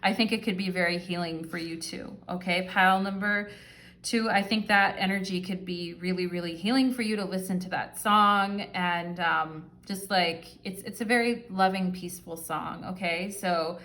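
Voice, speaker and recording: Her lowish, slightly bright voice holds a fairly even intonation at normal speed. As a tarot reader doing an easygoing pick-a-card reading, she chats warmly with her viewers directly and leans on many fillers.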